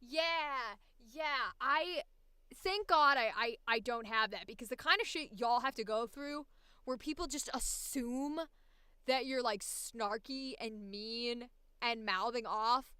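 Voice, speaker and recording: A woman's voice: fairly high pitch, slow, sharp tone, clear, resonant tone, no room sound. A woman voice actor chatting casually on a livestream, laughing often and swearing freely. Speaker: voice actor streamer.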